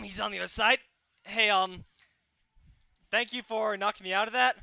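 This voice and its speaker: Young male gaming host, bright and crisp, live play-by-play full of excited shouts. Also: high-pitched, brisk, long pauses, no echo, studio quality. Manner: excitable, yelps and shouts at the action. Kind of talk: live gameplay commentary.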